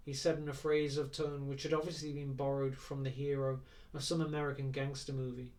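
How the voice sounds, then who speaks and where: A man reading a novel aloud in a measured, even way. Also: mid-range voice, recorded from a distance. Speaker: audiobook reader.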